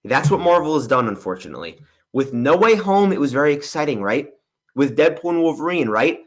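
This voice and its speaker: A young man with a voice on the high side speaks a little fast and very animatedly while hosting a movie livestream Q&A. Candid and rambling as he answers viewers, he keeps saying "honestly" and "I'm gonna be real."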